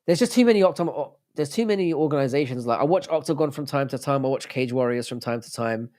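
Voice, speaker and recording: A man's voice: medium pitch, lively intonation, fast, a little mellow. Sweary man chatting on a livestream. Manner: sweary, rambling, joking with chat. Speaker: livestream host. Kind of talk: casual livestream chat.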